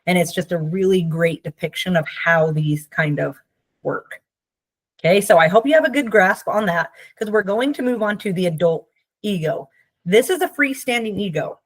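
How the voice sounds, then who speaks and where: Low-voiced woman teaching casually. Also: no room sound. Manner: conversational, checks in with frequent "Okay?"; acts out quoted voices playfully. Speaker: therapist.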